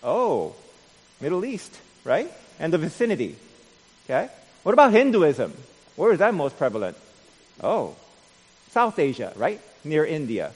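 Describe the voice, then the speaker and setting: A man preaching a sermon as pastor, peppering his points with "right?" and swinging from quiet musing to loud, emphatic delivery. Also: on the high side, wildly swooping pitch, a little slow, long pauses, slightly rough, big-room sound. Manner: frequent tag "right?".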